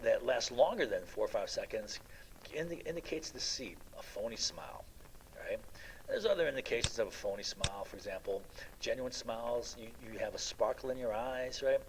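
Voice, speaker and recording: A man's voice: medium pitch, slight background noise, poor audio. A middle-aged man giving an informal classroom lecture, rambling through anecdotes with many fillers and a constant "right?". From United States. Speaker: college lecturer.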